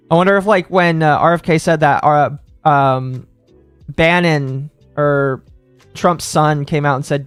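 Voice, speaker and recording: Excitable ranting streamer man from Texas. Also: on the high side, smooth, dry recording, soft background music. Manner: rambling, excitable, quick to rant. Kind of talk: casual live-stream commentary.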